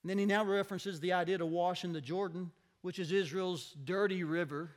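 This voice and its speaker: A man with a high-pitched voice delivers a relaxed, conversational sermon. He retells the scripture expressively and slips into the voices of its characters as he goes. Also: moderate pace. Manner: expressive, acts out the people in the story. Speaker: preacher.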